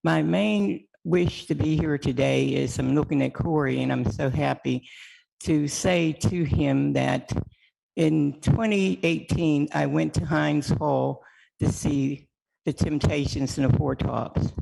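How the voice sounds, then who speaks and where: Gravelly, husky woman telling a story. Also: sits low, slow pace, warm tone, low-quality recording. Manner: chatty storyteller acting out quotes. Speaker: community TV producer. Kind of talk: public comment storytelling.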